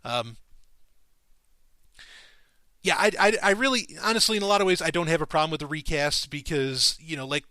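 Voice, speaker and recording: A man hosting a podcast, talking in a casual monologue, excitable and profane, his voice leaping up when he gets enthused. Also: a little high, moderate pace, pauses often, dry recording. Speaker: podcast host.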